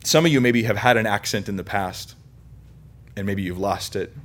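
A male pastor from California preaching a sermon, emphatic, swinging between loud, high stresses and quiet low lines, with light self-mocking humor. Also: moderate pace.

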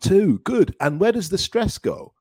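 A man hosting a podcast English lesson, encouraging his student and repeating words slowly to practise pronunciation. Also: high-pitched, sing-song, a little mellow, breathy edge, no echo, studio quality. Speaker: English teacher and podcast host.

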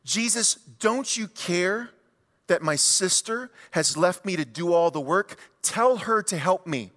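A woman's voice: on the low side, expressive, unhurried, fairly bright tone, long reverb tail. A man preaching puts on the voice of an anxious woman, complaining in exasperated tones. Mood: pleading.

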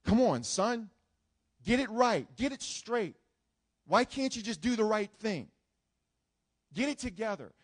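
A stern male authority figure barks demands, loud and pushy as a preacher acts him out. The voice rides high for a man and keeps pressing. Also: sing-song, unhurried, pauses often, full character voice. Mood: scolding. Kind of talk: sermon.

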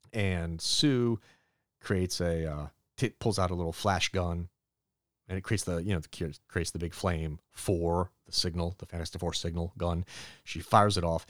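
A man with a low, deep voice talks casually through a comic recap as a solo podcast host. He rambles a little and drops quick voiced lines for the characters. The sound is close and dry, with no room around it. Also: no room sound.

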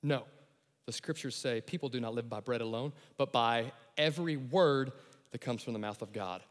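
Animated preacher in a reverberant hall. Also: male voice, medium pitch, normal speed. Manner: animated, acts out voices and shouts the key lines. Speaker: pastor. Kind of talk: sermon.

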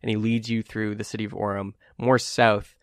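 A man's voice: lowish voice, little pitch movement, normal speed, dry recording, clean studio sound. A man narrating as game master in a tabletop game, casual and rambling with many fillers.

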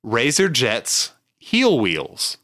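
Male podcast co-host, bright tone, dry sarcastic humor, casual banter. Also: medium pitch, wildly swooping pitch, very slow. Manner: dry, sarcastic jokes with frequent laughs. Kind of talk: casual comedic chat.

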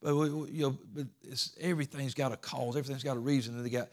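Georgia Southern preacher with folksy delivery. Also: male voice, mid-range voice, fairly even intonation, quick pace. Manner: folksy, earnest, repeats words. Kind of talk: sermon.

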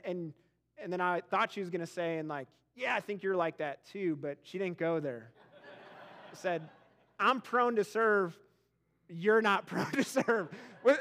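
A man's voice: sits high, a bit bright. A man preaching a sermon as pastor, conversational and self-deprecating, moving into an earnest prayer.

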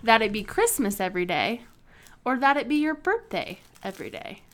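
A woman's voice: on the high side, very animated, normal speed. A woman co-hosting a podcast in casual chat, telling rambling stories full of fillers. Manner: chatty, rambling storyteller with many fillers. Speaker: podcast co-host.

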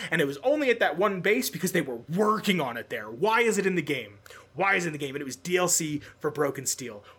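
A man from Pennsylvania co-hosting a casual gaming podcast, animated and prone to ranting with rapid questions and swearing. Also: high-pitched, slight background noise. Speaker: podcast co-host.

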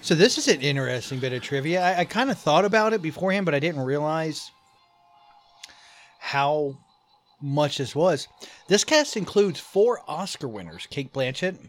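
A man's voice: a little high, big pitch swings, moderate pace, faint music behind. Matter-of-fact man on a movie podcast. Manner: dry, matter-of-fact, reads out trivia. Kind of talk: casual chat.

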